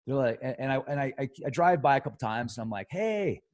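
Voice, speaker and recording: An American man hosts a conspiracy talk show, rambling through a casual monologue that swings from loud excitement to soft, trailing asides. His voice is medium-pitched and he talks fast.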